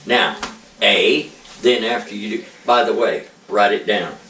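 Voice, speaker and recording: A man, a preacher, giving an informal ventriloquism lesson with slow, patient, drawn-out demonstrations. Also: on the low side, bright, forceful tone. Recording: echoey room, mic far off.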